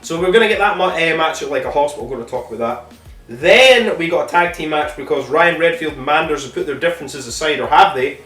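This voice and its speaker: A man's voice: a little high, lively intonation, quick pace, bright, forceful tone, far from the mic. A man with a slightly raised voice recaps matches in a loose, rambling way, swearing at every turn and stumbling over ums and self-corrections. He sits some way back from the mic in an echoey room, with faint music playing underneath. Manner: profane, swears constantly. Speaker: wrestling review podcast host.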